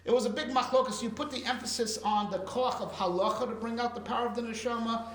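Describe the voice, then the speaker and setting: High-voiced rabbi teaching in an echoey room. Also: male voice, fast. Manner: animated, explains with rhetorical questions and fillers. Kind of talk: Torah class lecture.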